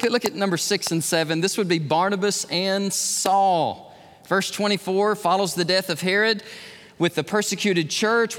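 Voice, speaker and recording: Pastor guy preaching, high voice, gets loud then goes quiet, big echoey church hall. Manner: animated, swings from hushed to shouting. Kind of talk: sermon. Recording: long hall reverb.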